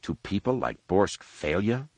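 A man's voice: low-pitched, sing-song, a little slow, darkish tone, no echo, heavily acted. A man voicing a sixteen-year-old apprentice who questions his elders tentatively and at times sarcastically. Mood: sarcastic. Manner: tentative, challenging, a bit sarcastic.

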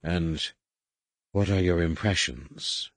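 A man voicing a stern, middle-aged female master shaper who speaks in a measured, quiet, authoritative way. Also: sits low, no echo.

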